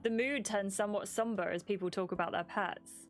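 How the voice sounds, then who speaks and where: A woman hosting a gaming channel and reading a story game aloud in an expressive narrating voice. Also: medium pitch, brisk, hardly any pauses.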